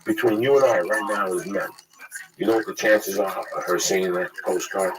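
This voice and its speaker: A man's voice: deep voice, normal speed, far from the mic. A man in casual profane chat, telling blunt stories with acted quotes about hustling. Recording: noisy recording.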